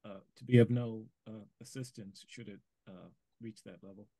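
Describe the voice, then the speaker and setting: A man co-hosting a political talk show, making dry, sardonic remarks. His voice is mid-pitched and sounds close and dry, with no room echo. The remote call link he comes through breaks up at times. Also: fairly even intonation, moderate pace, warm tone. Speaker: co-host.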